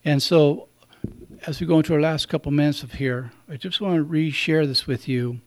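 Male priest, radio host; gentle reflective homily, raspy grain, dry close sound. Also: a little high, steady tone, moderate pace, no room sound. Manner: gentle, reflective, speaks directly to listeners.

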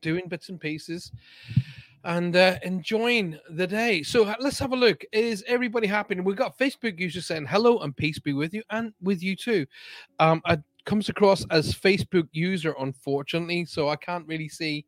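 Upbeat guy chatting on his live stream, fairly high voice, dry close sound. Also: normal speed, no echo. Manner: chatty and upbeat, greeting viewers by name. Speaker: psychic medium hosting a live chat show. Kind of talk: casual live-stream chat.

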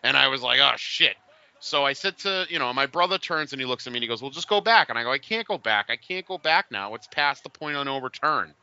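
A man in his forties chatting casually and telling an animated story, acting out the voices of the people in it. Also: medium pitch, quick pace, smooth, no echo, dull audio. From Boston area. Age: 40s.

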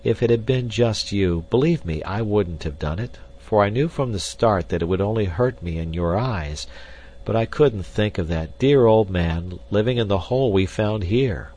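A man reading the part of a devoted young nobleman, soft-spoken and pleading. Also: on the low side, lively intonation, moderate pace.

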